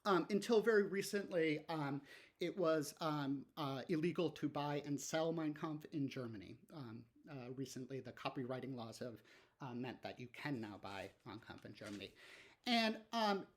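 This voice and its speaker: A man's voice: on the high side, expressive, normal speed. Man giving a talky history lecture. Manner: conversational, explains step by step, frequent ums and "okay, so", rhetorical questions. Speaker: history teacher. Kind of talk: recorded classroom lecture.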